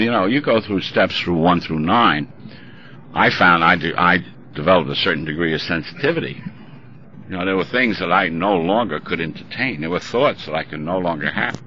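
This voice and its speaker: A deep-voiced man talks bluntly and with dry humor at a recovery meeting, his tone forceful and sharp. The recording is dull and lo-fi, with a faint hiss underneath. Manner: blunt, wry and confrontational.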